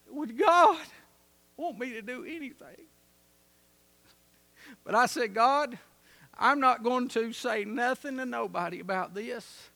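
A man preaching a sermon, telling a story and building to loud, emphatic peaks. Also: extremely high pitch.

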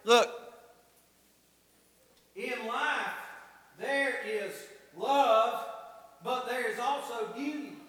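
A man preaching a sermon as a pastor, telling a story and swinging between soft asides and emphatic points. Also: very high voice, drawn-out words, long pauses. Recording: echoey hall from far off.

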